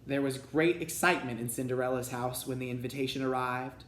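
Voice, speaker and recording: A man's voice: mid-range voice, steady tone, moderate pace, few pauses. Man reading a storybook aloud. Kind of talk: read-aloud storybook narration. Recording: roomy echo.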